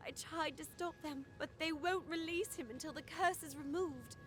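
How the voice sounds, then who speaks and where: A woman's voice: high voice, normal speed, a little hiss or hum, natural voice. A woman voicing a frantic peasant woman in a video game who begs for help because her husband was taken. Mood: pleading. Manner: desperate, pleading, shouting. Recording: game audio with faint music.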